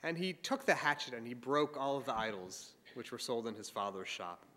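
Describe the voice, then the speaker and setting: A man speaking at an interfaith symposium, telling a religious story in a dramatic, animated way. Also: medium pitch, fairly quick, in a large hall. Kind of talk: storytelling speech.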